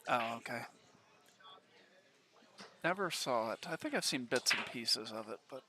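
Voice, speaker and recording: A man's voice: medium pitch, lively intonation, unhurried, noisy background. A man doing casual live commentary on a pool match, matter-of-fact and informative.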